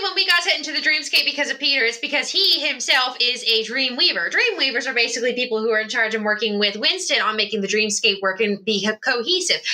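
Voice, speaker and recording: A woman runs through a tabletop campaign recap in loose, rambling chat. She laughs often and piles on fillers. Her voice sits a little high and rings very bright. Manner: rambling and giggly, with many fillers and asides. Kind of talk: casual tabletop game recap.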